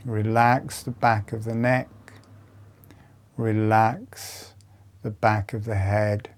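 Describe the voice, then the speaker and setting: A man leading a guided breathing meditation, giving calm instructions softly with long pauses. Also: fairly low pitch.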